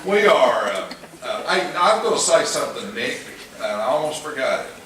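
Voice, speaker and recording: A man's voice: medium pitch, very animated, normal speed, a bit bright. Folksy East Tennessee man, echoey room. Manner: folksy, joking, chuckles often. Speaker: Sunday school teacher. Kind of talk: casual church class talk. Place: church classroom. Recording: echoey room, mic far off, noisy.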